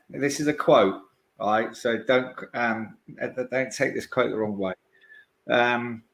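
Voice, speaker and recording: A man hosting a podcast, asking long, rambling questions full of restarts and fillers in a casual interview. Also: medium pitch. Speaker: podcast host.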